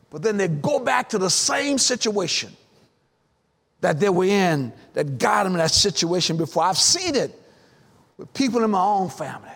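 A male pastor, preaching a sermon with dramatic pauses and building, repeated lines. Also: high voice, sing-song, fairly bright tone, breathy edge. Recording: long hall reverb.

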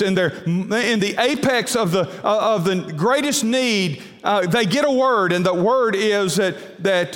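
Emphatic male preacher in a reverberant hall. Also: fairly bright tone. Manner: emphatic preaching, rhetorical questions, sudden drops to a low voice. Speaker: pastor. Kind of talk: sermon.

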